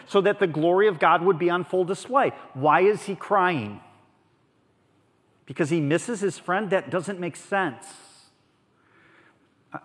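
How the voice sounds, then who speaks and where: A man preaching a sermon as a pastor, earnest and conversational, moving between soft and emphatic delivery. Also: high-pitched. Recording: long reverb of a large hall.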